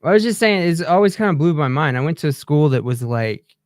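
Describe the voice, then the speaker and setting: A man's voice: a little high, animated, a little fast, no room sound. A man from Texas co-hosting a casual livestream talk show, laid-back and rambling. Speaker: podcast co-host.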